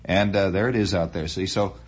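A man's voice: deep voice, fairly even intonation, a little fast, breathy edge. A man hosting a radio show, musing in a rambling monologue with frequent restarts and asides. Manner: musing, digressive storytelling with many restarts. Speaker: radio host.

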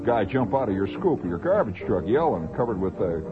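A man's voice: fairly low pitch, sing-song, fairly quick. A man with a Midwestern accent hosting a late-night radio monologue, rambling through stories with asides and chuckles. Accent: Midwestern American. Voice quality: husky. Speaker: radio host. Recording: tinny old radio broadcast, faint music.

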